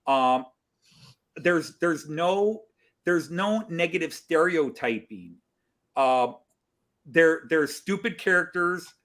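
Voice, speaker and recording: A man hosting a casual group chat, talking in a rambling, animated way with many restarts. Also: a little high, slow pace, pauses often. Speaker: host.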